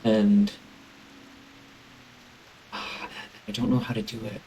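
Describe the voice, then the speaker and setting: A man's voice: lowish voice, level tone, drawn-out words, pauses often, mellow, soft background music, low-quality recording. A man streaming a game, chatting casually and enthusiastically with lots of fillers.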